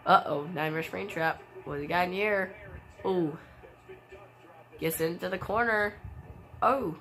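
An excitable woman provides casual play-by-play commentary on a wrestling video game. Her voice is lowish and unhurried, punctuated by gasping exclamations and frequent sudden shrieks.

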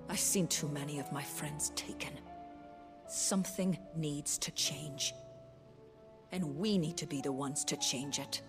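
A weary army physician from a video game, grave and earnest in the way she talks. Her voice sits low. Clear game music plays underneath. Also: unhurried. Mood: somber. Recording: game audio with music behind.

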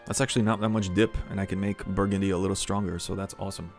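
A man with a low, gravelly voice talks through a strategy game in a casual, chatty way. He mutters to himself, then breaks into excitable outbursts. Soft music plays faintly underneath. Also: rapid-fire. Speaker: strategy game let's-player. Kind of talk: casual gameplay commentary.

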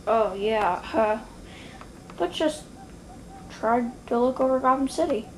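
A woman's voice: a little high, animated, slow, darkish tone, slight background noise, rough recording. A woman voicing an offhand adult male caped crime-fighter in a homemade toy stop-motion video.

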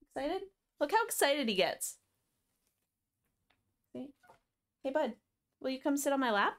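A woman's voice: high voice, big pitch swings, a little slow, a bit bright. A young adult woman streamer chatting casually and affectionately on a live stream, swearing now and then.

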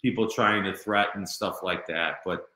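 A man's voice: low voice, fairly even intonation, unhurried, pushed and bright, echoey room, rough recording. A middle-aged man in an interview, telling his own story in a blunt, street-talking way with lots of "you know" fillers. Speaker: guest.

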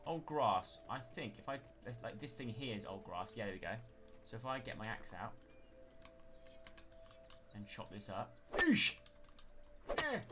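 A game streamer from the West Country of England, speaking in a lowish voice with a West Country accent, chats his way through his gameplay, narrating each move. When things go wrong he bursts into panicked yelling. A steady background noise sits beneath his voice.

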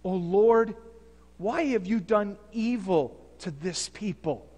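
A man's voice: high-pitched, expressive, takes it slowly, darkish tone, big-room sound, full character voice. A man doing a distraught pleading Moses. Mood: accusing. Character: a worn-down male leader Moses pleading.

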